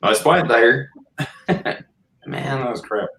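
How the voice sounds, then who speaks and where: A man's voice: medium pitch, expressive, takes it slowly, pushed and bright. A man chatting on a livestream, teasing the others and giggling often. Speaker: guest. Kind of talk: casual chat. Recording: echoey room, faint noise.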